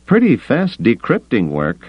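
A man voicing a sharp, skeptical male smuggler with a dry manner. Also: mid-range voice, wildly swooping pitch, unhurried, husky, no room sound, highs cut off, voice pushed up, exaggerated voice.

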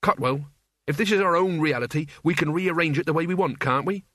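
A man's voice: a little high, a little fast, a bit bright, no room sound, clean studio sound. A man reading an audiobook, voicing a tired but determined young man who speaks wearily and firmly. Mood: weary. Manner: weary, firm.

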